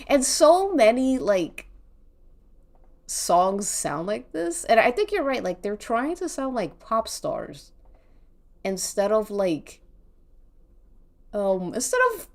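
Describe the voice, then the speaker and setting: A woman's voice: on the high side, very animated, slow, pauses often. A woman streaming while she draws, chatting casually, rambling and thinking aloud, with casual swearing. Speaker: art streamer.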